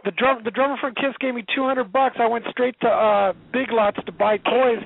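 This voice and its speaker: A man who is a guest on a call-in radio show, telling animated stories and acting out quotes. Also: extremely high pitch, moderate pace, vocal fry, no echo. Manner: animated storyteller, acts out quotes. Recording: phone-like line.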